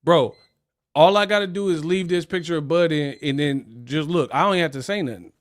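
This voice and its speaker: A man on the high side in pitch talks at a moderate pace while hosting a casual livestream rant, dismissing critics with slangy, mocking laughter.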